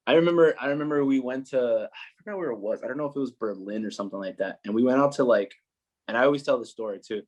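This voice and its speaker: A young man telling stories as a guest on a podcast. He talks casually and with lively energy, leans on filler words, and slips into the voices of the people he quotes. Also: mid-range voice, fast, lo-fi sound. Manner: animated, many filler "like"s, acts out quoted voices. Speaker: guest, footballer. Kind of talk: casual storytelling chat.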